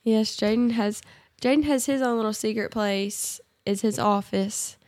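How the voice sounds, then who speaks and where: A woman's voice: fairly high pitch, a little slow, a little mellow, no room sound, clean studio sound. A woman co-hosting a casual devotional podcast at home, chatty and playful, her voice congested from allergies. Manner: playful, chatty, Southern-tinged banter. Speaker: podcast co-host.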